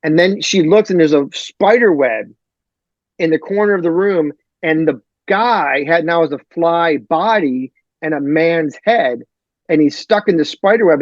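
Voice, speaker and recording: Rambling, slightly high-voiced man. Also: dry recording, highs cut off. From Detroit, USA. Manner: rambling, animated storyteller with many fillers. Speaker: guest novelist. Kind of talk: casual podcast chat.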